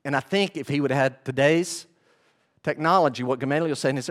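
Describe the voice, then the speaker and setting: A male pastor preaching a sermon, animated and often asking the congregation questions. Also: medium pitch, a little fast.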